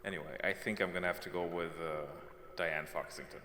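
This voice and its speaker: A man's voice: low voice, steady tone, a little fast, bright, forceful tone. A young man giving joking, thinking-aloud commentary while streaming a game live. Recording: long echoing reverb, faint noise.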